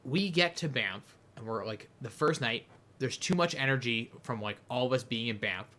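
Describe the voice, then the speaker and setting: A young man from Canada telling a long, animated anecdote on a podcast, rambling and often breaking into laughter. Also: medium pitch, moderate pace. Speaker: podcast host. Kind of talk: casual storytelling chat.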